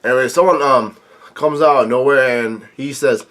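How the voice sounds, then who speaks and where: Reading comic dialogue aloud and commenting on it, the host of a reaction video speaks in a mid-range, slightly bright voice. He trips over words and keeps restarting, with plenty of fillers.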